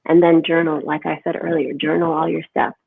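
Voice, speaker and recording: A woman speaking as a holistic health guest in an animated, emphatic conversational interview, often asking "right?". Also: low voice, brisk, gravelly, breathy edge, no echo. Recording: tinny phone-like line, dry.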